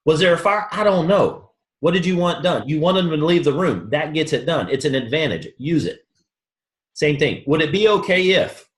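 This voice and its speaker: At normal speed and a fairly high pitch, a man presents a motivational sales training talk to a room. He tells his stories with animation, playing both roles in the conversations. There's a roomy echo to the recording.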